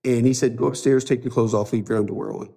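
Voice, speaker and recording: A man's voice: medium pitch, fairly even intonation, fast talker, vocal fry, warm tone, slightly rough. A man in his fifties, a podcast guest, telling his life story with feeling and acting out the dialogue. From United States. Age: 50s. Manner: earnest, emotional storyteller who acts out dialogue. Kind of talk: storytelling interview.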